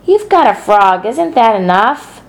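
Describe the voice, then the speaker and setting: A woman voicing an excitable, bossy young farm girl in a storybook reading, with a scolding manner. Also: fairly high pitch, measured pace, pitched above the performer's own voice.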